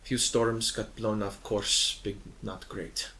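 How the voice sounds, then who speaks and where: Brief: man playing a halting, word-searching lady sea captain, bright and hushed, tabletop game. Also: on the low side, flat delivery, low-quality recording. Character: hesitant female ship captain, new to the common tongue.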